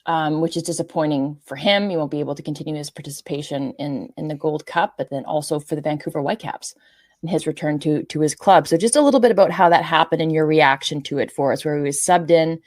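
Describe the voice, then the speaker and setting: A woman's voice: sits low, fast, a little mellow, no room sound, clean studio sound. A woman hosting a sports podcast, steering the chat and reading out figures. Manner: steers the talk and reads out figures. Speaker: podcast host.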